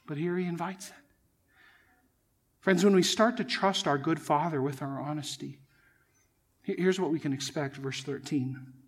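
A pastor delivers his sermon in a fairly high male voice, earnest and emphatic. He presses his points home and keeps turning to the congregation as friends. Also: moderate pace, pauses often, slightly rough. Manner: earnest, emphatic preaching, addresses listeners as friends.

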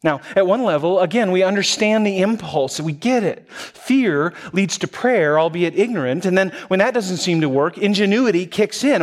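A man's voice: high-pitched, expressive, normal speed, hardly any pauses. A man preaching a sermon in a conversational way, often restarting phrases and chuckling as he addresses the congregation. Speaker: pastor.

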